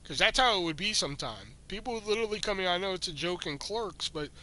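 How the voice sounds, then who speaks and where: A man's voice: high voice, lively intonation, quick pace, bright, forceful tone. A man hosting a podcast, telling a story in casual chat, swearing freely and sounding exasperated. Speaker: podcast host.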